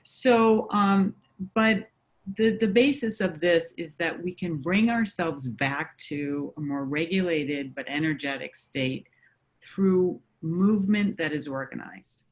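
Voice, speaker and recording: A woman counselor talking through coping ideas in a conversation. She explains in a measured way, with frequent fillers. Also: low-pitched. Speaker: mental health counselor.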